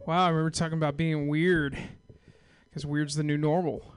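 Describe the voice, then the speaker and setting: A man's voice: on the high side, level tone, normal speed, clear, resonant tone. A man hosting an open mic, introducing the next comedian with upbeat emcee patter. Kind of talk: introducing comics.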